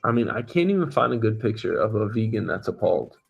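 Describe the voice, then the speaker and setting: A man hosting a casual news commentary show, talking bluntly and profanely with animated asides. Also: on the low side, fast talker, creaky, breathy edge, lo-fi sound, soft background music. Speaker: show host.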